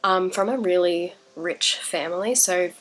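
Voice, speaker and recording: A woman's voice: lowish voice, unhurried, slight background noise. A young woman who is congested from illness chats hesitantly about books in a casual vlog, with many fillers. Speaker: indie author and book vlogger.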